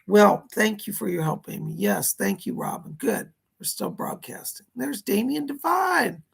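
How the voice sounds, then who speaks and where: Gravelly, husky man on a livestream. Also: high-pitched, big pitch swings, a little slow. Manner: chatty, reads out viewer messages and responds. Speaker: psychic astrologer hosting a livestream. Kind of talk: casual livestream chat reading viewer comments. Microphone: computer setup at a keyboard.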